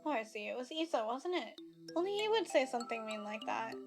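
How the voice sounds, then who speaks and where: Villain: mild-mannered male teacher gone murderous, eerily calm, read by a woman, game music under. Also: a little high, a little fast. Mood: cold. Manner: gentle then eerily repetitive. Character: soft-spoken male teacher turned unhinged killer. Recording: game music playing behind.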